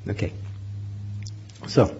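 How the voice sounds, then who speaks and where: A man teaching meditation, guiding a group in a gentle, unhurried way with frequent pauses and fillers. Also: lo-fi sound. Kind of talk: guided meditation instruction.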